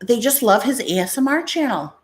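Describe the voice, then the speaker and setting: A middle-aged New York woman hosts a casual YouTube live stream into an ASMR microphone, sharing blunt opinions full of fillers and rambling tangents. Her voice is a little high, animated and fairly quick, with slight background noise.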